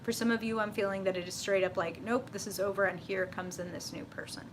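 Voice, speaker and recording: A woman's voice: mid-range voice, quick pace, noisy background. A middle-aged woman reading tarot on a live stream, talking casually and swearing freely, with frequent laughs. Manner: casual, profane, animated, laughs often. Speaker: tarot reader.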